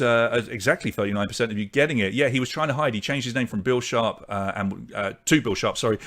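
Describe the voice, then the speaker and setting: A man hosts an online pub quiz in a mid-range voice. He talks briskly and chattily as he reads out questions, answer choices and the scores. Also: mid-range voice, fairly bright tone. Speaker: quiz host.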